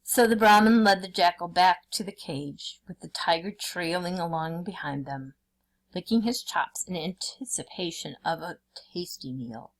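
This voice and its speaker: A woman teacher reading a folk tale aloud for a lesson, in a clear storybook manner. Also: fairly low pitch, moderate pace.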